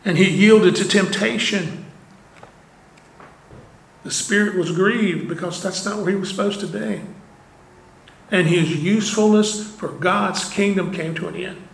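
A man's voice: high voice, a little slow, vocal fry, long pauses. A man preaching a sermon as pastor, earnest, with rhetorical questions and conversational asides, recorded in a church sanctuary. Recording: roomy church echo.

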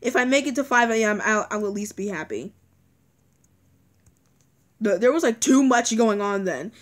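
A woman's voice: mid-range voice, animated, normal speed. A young woman commenting on a video game as she plays, anxious and pleading, often repeating words and crying out. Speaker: gaming video creator. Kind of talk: let's-play commentary.

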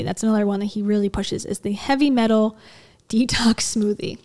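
A woman's voice: mid-range voice, fairly even intonation, moderate pace, darkish tone. A woman hosting a casual commentary video, talking in a wry, sarcastic, chatty way with plenty of fillers.

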